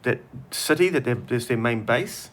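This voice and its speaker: A man co-hosting a podcast, rambling and swearing as he tells stories in quick bursts. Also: mid-range voice, expressive, a bit bright. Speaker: podcast co-host. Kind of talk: casual chat.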